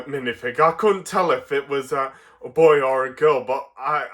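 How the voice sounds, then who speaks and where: A man's voice: mid-range voice, sharp tone. A man from England chatting through a toy review in a rambling, casual way, with lots of fillers and chuckles. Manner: rambling, full of fillers and restarts, chuckles often.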